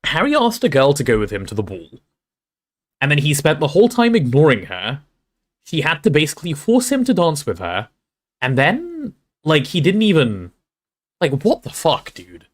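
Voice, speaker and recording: Brief: male streamer, chatty and animated, swears casually, pitch swinging all over. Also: normal speed. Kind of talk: reading a novel aloud and chatting on stream.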